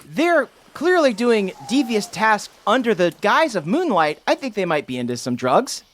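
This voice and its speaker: A woman playing a tabletop role-playing game, pitching a plan with energy. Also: big pitch swings, normal speed. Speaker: player.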